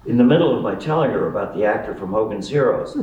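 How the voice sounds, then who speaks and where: A man with a low voice reads his own memoir at a live event, with wry, amused timing. The echoey room and the distant mic give his voice an open, roomy sound. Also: quick pace, muffled recording. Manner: wry, amused, lively storytelling. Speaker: author reading his memoir. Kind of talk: memoir reading.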